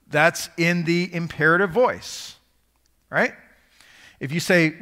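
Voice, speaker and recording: A man's voice: on the high side, unhurried, long pauses, pushed and bright, in a large hall. A man preaching a sermon to a live congregation, teaching in a conversational way and quizzing the audience.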